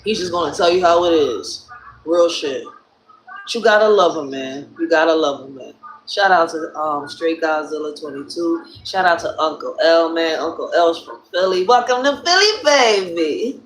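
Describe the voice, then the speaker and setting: A hoarse woman with a Philadelphia accent hosting a casual livestream, telling stories bluntly with plenty of profanity. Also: sits low, moderate pace, slight background noise. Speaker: live stream host. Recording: roomy echo.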